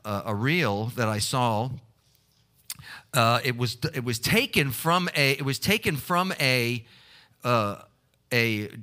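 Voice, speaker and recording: A man preaching a sermon, halting often with fillers and restarts as he tells stories. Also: mid-range voice, bright, forceful tone. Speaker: pastor. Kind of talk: sermon with prayer.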